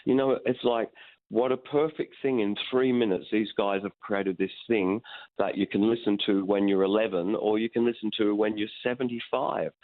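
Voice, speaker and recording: A middle-aged man talks over a thin, tinny phone connection. His voice sits low, and his storytelling is candid and meandering, with casual swearing. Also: steady tone, moderate pace. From Australia. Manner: frank, swears freely, rambling. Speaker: musician guest.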